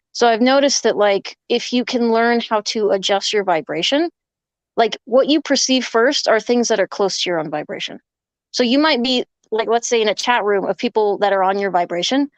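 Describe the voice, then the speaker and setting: A woman's voice: on the high side, dry recording. A woman guest on a casual podcast, telling long rambling stories full of "like". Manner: rambling storyteller, many fillers of "like".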